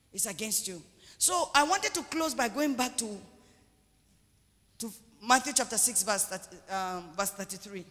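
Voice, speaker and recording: A man preaching a sermon as pastor. He preaches with emphasis, repeats phrases and rises to shouts. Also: very high voice. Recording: long church hall reverb.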